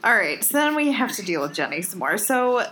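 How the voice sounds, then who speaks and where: A woman co-hosting a podcast over a remote call, recapping a TV episode with quick, exasperated commentary. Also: medium pitch, big pitch swings, pushed and bright, a little hiss or hum. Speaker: podcast co-host recapping a TV show. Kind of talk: casual chat.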